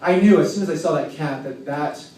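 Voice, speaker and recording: A man telling a personal story live at an open mic in a tavern, with a wry, self-mocking, halting delivery. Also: fairly high pitch, mellow. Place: tavern with an audience. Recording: roomy, distant, faint background noise.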